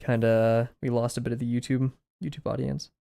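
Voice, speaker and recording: A man makes casual, self-deprecating conversation while drawing on a livestream, using a desk mic and no camera. His medium-pitched voice is warm but creaky and slightly scratchy today, flat in delivery and a little fast. Clean studio sound with no room sound.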